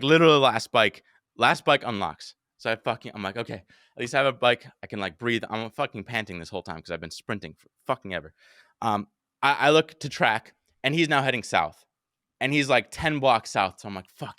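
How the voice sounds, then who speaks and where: A young man races through a story in a bright, forceful voice, cursing freely. He acts out his own shouts and panicked thoughts as he goes. The sound is close and dry. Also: mid-range voice, expressive, a little fast, dry recording. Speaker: podcast host. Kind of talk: casual storytelling chat.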